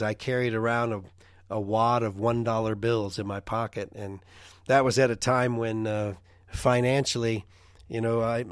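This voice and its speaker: A middle-aged man preaching informally and telling personal stories, halting often with restarts and fillers. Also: fairly low pitch, no echo, clean studio sound.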